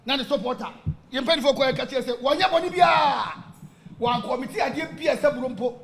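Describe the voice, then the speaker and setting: High-pitched Ghanaian man, fired up. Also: fast, a little hiss or hum. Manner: mixes Twi and English, animated and emphatic. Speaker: football supporter. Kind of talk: impassioned radio talk.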